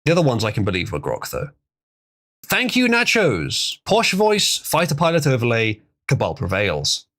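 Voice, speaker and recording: A man's voice: mid-range voice, huge pitch swings, normal speed, fairly bright tone. A man hosting a casual livestream, chatting loosely with chuckles as he reads out viewer donations. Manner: rambling, chuckling, reading out donations. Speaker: livestream host.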